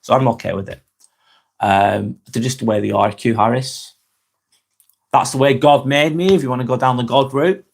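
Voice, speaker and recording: A man's voice: mid-range voice, moderate pace, creaky. Chatty man reading live comments. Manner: chatty, reads comments aloud and replies frankly. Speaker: live stream host.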